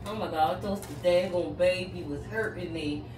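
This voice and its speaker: A woman's voice: lowish voice, moderate pace, background noise. Woman tarot reader, dramatic and rambling; distant mic in an echoey room, faint music underneath. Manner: dramatic, rambling asides, exclamations. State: shaken, catching her breath. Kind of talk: casual spoken tarot reading. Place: home room.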